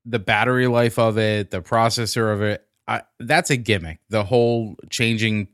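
A man's voice: on the low side, steady tone, normal speed, a bit bright, no room sound, studio quality. A man in casual podcast chat, telling a story and giving blunt opinions.

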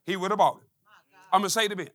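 A middle-aged man preaching a testimony sermon, telling stories with quoted dialogue and rising to shouts. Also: high voice, fast, dry recording. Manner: call-and-response preaching, climbing to shouts.

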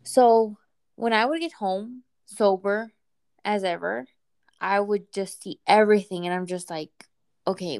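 Woman chatting through a personal story, slow and smooth, easygoing. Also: mid-range voice. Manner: relaxed, chatty, acts out quoted voices. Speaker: guest telling a personal story. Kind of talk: casual storytelling chat.

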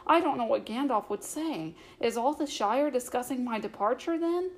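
A woman's voice: on the high side, lively intonation, moderate pace. A woman reading as Frodo, an anxious young hobbit. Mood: troubled.

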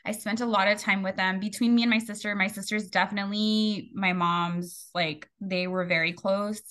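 A woman hosting a podcast, grieving and talking candidly in a casual, animated way, swearing freely. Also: mid-range voice, moderate pace. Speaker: podcast host. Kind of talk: casual conversational storytelling.

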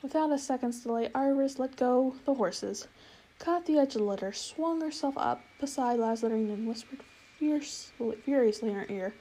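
A woman narrating a storybook chapter in a measured, expressive reading. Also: sits high, poor audio. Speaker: audiobook reader.

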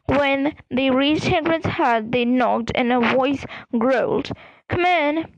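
A woman's voice: high voice, slow, lo-fi sound, slight background noise. A woman narrating a storybook aloud, reading carefully and sometimes restarting a word. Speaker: audiobook reader.

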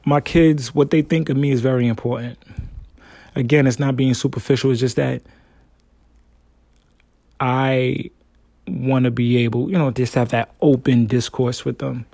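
Male podcast host with a mellow, warm tone, easygoing and slangy, casual monologue. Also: mid-range voice, moderate pace, vocal fry, no room sound. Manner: laid-back, slangy, conversational.

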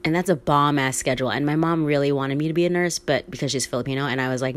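Low-voiced woman half-whispering a chatty podcast. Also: fast, hardly any pauses. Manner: candid, chatty, swears freely, laughs often. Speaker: podcast host. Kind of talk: casual solo podcast monologue.

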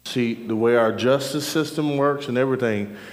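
A man preaching a sermon, calling out to the congregation with "Amen?" and dropping from loud cries to soft murmurs. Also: normal speed. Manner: call-and-response preaching, "Amen?" to the crowd; swings between soft murmurs and loud high shouts. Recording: long hall reverb.

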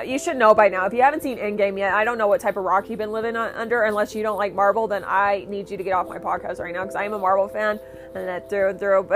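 A woman's voice: mid-range voice, fairly bright tone. A young woman hosting her own podcast, rambling and swearing through a casual, enthusiastic rant. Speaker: podcast host.

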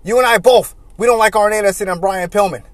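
A man putting on the voice of a brash, scheming male wrestler who coaxes and then shouts to rally a crowd. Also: sits high, fast, no room sound, close to an everyday voice. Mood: coaxing.

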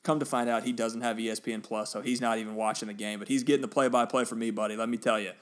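A man on a podcast, casually retelling a football match with animated bursts of excitement. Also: mid-range voice, rapid-fire. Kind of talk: casual storytelling chat.

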